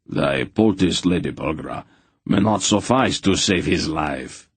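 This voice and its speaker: A man voicing a formal, stiff young male knight who speaks in an old-fashioned, measured way. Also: low-pitched, animated, slightly rough, no room sound, full character voice. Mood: grave.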